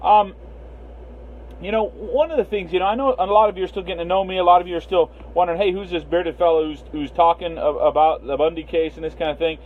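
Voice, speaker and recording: A man's voice: sits high, steady tone, fast. A man hosting a casual livestream, rambling with many fillers and greeting viewers by name. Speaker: livestream host. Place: Las Vegas. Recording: tinny phone-line sound, faint hiss.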